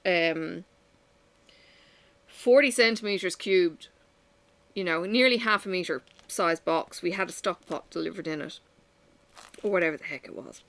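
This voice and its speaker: Female vlogger, bright voice, unfiltered venting chat at home. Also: on the low side, normal speed, pauses often. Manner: candid, venting, sighing. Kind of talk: casual chat while crafting.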